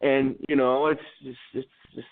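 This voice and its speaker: A man calls into a radio show over a tinny phone line. He rambles and hesitates, stumbling through long halting phrases. His pitch sits in an ordinary middle range. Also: little pitch movement. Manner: rambling, hesitant, full of fillers. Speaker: caller. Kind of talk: call-in talk radio.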